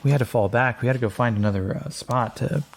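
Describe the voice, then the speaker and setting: A man playing a rattled young male soldier in a tabletop game, pitched a little above his own husky voice. He speaks haltingly and stumbles through his reports, his tone gravelly and dark. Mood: uneasy. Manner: hesitant, halting, full of fillers.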